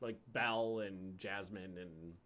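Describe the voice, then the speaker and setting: A man hosting a gaming video, telling rambling, profane anecdotes in a casual, animated way. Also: sits low, slow pace. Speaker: gaming channel host. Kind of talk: casual storytelling over gameplay.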